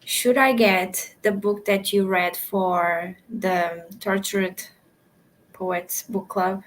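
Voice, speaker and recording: A woman's voice: mid-range voice, steady tone, extremely slow, a little hiss or hum, rough recording. A woman co-hosting a reading stream, chatting in an easygoing, giggly way. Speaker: co-host. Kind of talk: casual chat.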